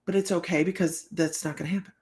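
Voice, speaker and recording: A woman's voice: lowish voice, fairly even intonation, fast, a little mellow. A woman hosting a casual live stream as a psychic reader, telling rambling stories and laughing often. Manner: rambling, chatty, laughs often, many fillers. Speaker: psychic reader and show host.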